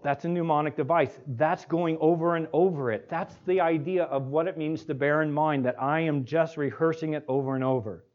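A male pastor preaching an expository sermon, asking the congregation rhetorical questions and slowing down to stress key words. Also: fairly high pitch. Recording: dull lo-fi recording.

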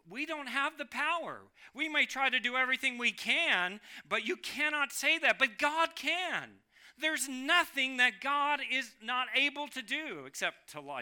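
Guy preaching a sermon, high bright voice, gets loud then drops way down. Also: lively intonation, unhurried, clear, resonant tone. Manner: preaching with emphatic rises and drops in volume. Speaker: pastor.

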